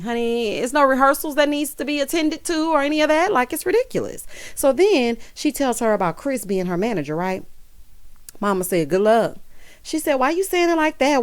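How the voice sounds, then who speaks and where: A middle-aged woman giving a casual reality-TV recap, sassy and teasing, calling everyone honey and child and putting on voices for quotes. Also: on the high side. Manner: puts on voices when quoting people. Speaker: recap vlogger.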